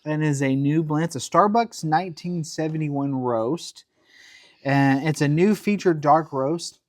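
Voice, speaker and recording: A man's voice: fairly high pitch, unhurried, no room sound, studio quality. A man co-hosting a casual podcast, laughing often and telling stories with acted-out quotes. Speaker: podcast co-host. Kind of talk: casual chat.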